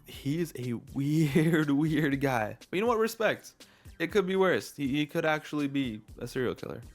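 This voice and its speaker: A man's voice: a little high, expressive, normal speed, faint music behind. A man doing a comedic, sarcastic commentary rant, full of exaggerated jokes. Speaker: commentary video creator.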